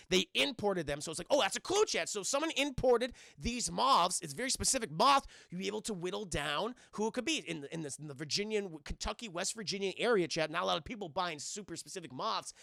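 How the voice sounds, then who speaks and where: A man's voice: sits high, creaky, bright, forceful tone, no echo, clean studio sound. A young man streaming a casual, profane film breakdown, chatting to his viewers as he goes. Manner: profane, chatty, keeps addressing chat.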